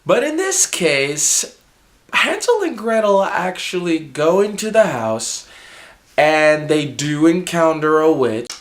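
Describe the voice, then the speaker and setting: Slow, loose male vlogger with a cold, rambling review full of fillers and giggles. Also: fairly high pitch, very animated. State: sick. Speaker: movie reviewer. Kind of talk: casual vlog review.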